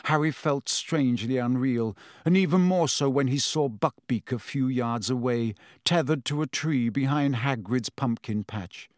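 A man reading a novel aloud at an unhurried, deliberate pace. His mid-pitched voice sits close and dry on a studio mic, steady and measured. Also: no echo. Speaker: audiobook narrator. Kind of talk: scripted narration.

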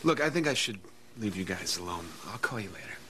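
A young actor playing a gentle, soft-spoken songwriter boyfriend in a sitcom. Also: male voice, fairly low pitch, expressive, brisk, very noisy, lightly acted. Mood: tender. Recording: guitar music behind.

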